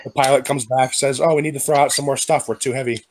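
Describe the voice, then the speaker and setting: Over a bit of background noise, a man with a medium-pitched, fairly even voice spins long jokes for a relaxed group chat. This podcast regular handles the setups with ease, a smooth teller who slips fast into different voices for quoted characters.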